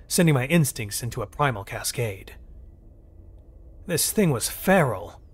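A man narrates a first-person story in a measured, tense manner. His voice sits at a middle pitch but moves freely up and down. This is scripted storytelling.

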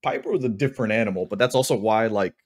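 A man in his thirties chatting on a podcast with a slightly low voice. He tells stories in quick, animated bursts, casual and loose. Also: breathy edge. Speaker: podcast co-host. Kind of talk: casual chat.

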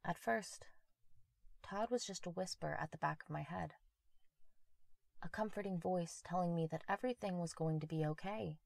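A woman narrating a horror story in a measured, quiet, intimate way on a close mic. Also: lowish voice, creaky, no echo.

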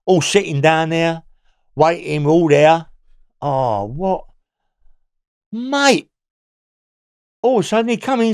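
A man who once served time tells meandering stories in an interview, cursing and laughing as he goes. His voice runs on the high side with a darkish tone, recorded clean in a studio with no room sound.

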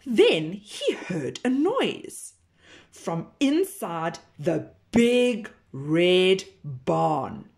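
Slow, expressive woman teacher reading aloud. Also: on the low side, creaky. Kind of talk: children's storybook read-aloud.

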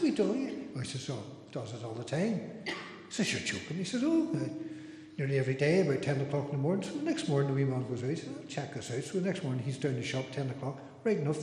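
A man's voice: on the high side, warm tone. A man with a Northern Irish accent hosting a carol sing-along, telling jokes and stories in a chatty way and laughing along. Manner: chatty storyteller, quick to laugh. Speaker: carol service host. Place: church hall. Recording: very echoey hall, faint music.

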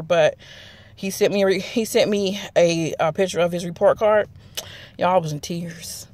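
A woman's voice: on the low side, fairly even intonation, moderate pace, darkish tone, no echo. A woman, chatting casually to her viewers in a rambling vlog. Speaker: vlogger. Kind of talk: casual chat to camera.

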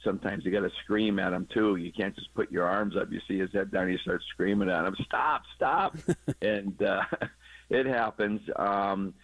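A former third base coach talking baseball on a sports radio show, explaining plays in a relaxed way and chuckling at his own jokes. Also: sits low, moderate pace, dry recording. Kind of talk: casual sports radio chat. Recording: dull lo-fi broadcast audio.

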